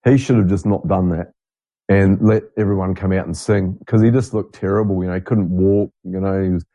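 A man's voice: sits low, fairly even intonation, a little fast, warm tone. A man co-hosting a casual podcast chat, talkative and repeating himself, recorded in dull lo-fi sound. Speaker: podcast co-host.

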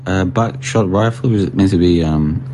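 A man joining a casual chat as a guest, relaxed and a little hesitant. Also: low-pitched, a little fast, background noise. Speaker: guest on call.

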